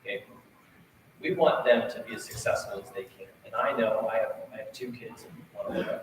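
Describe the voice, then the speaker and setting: A man's voice: on the low side, moderate pace. Earnest man in an echoey auditorium. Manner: earnest, rambling appeal with fillers and restarts. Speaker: band director. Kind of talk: speaking to a concert audience. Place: school concert auditorium. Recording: echoey hall from far off, room noise.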